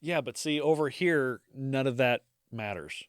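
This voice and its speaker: A man's voice: medium pitch, unhurried, clear, resonant tone, no room sound, clean studio sound. A man with an American accent co-hosting a podcast in casual chat, easygoing, and he also reads the show's sign-off. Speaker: podcast co-host.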